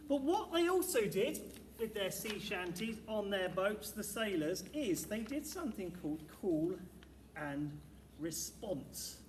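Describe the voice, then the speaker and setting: A man's voice: high-pitched, very animated, measured pace, far from the mic. A man, a primary school teacher, leading a music assembly with upbeat encouragement for the children. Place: school hall, indoors. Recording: echoey hall with background noise.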